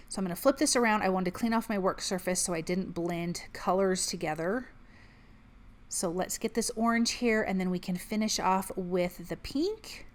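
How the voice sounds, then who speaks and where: A woman hosting a crafting channel, chatting upbeat through each step of a card-making tutorial. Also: mid-range voice.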